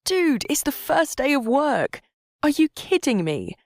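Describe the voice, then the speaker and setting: A woman voicing a pushy, exasperated young male coworker in an audiobook, urgent and high. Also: very animated, a little slow, a little mellow, no echo, studio quality, exaggerated voice.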